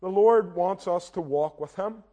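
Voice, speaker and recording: High-voiced young minister. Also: male voice, a little slow, mellow, dull audio. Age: young adult. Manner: earnest, direct, self-deprecating, often addresses listeners as "guys". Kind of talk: sermon.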